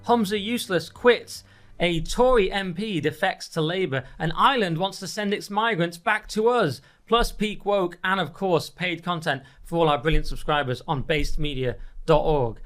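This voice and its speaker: A man hosting a political podcast from a studio, with brisk, wry, casual delivery. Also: high voice, a bit bright, soft background music. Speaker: podcast host.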